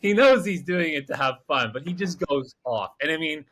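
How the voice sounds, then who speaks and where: A man co-hosting a podcast, telling a field story in casual chat, animated and acting out other people's lines. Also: on the high side, moderate pace. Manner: animated, mimics others with raised voice and swearing. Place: remote field camp in the Amazon.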